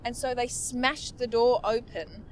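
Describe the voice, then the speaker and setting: A woman and comedian, telling a story in casual chat with wry, deadpan jokes. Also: a little high, measured pace. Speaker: comedian guest. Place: inside a car on a road trip.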